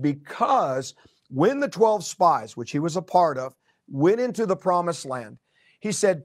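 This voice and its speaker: A man's voice: on the high side, no echo, studio quality. A man preaching a prophetic sermon in a conversational way, with fillers, repeated words and joking asides. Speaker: pastor.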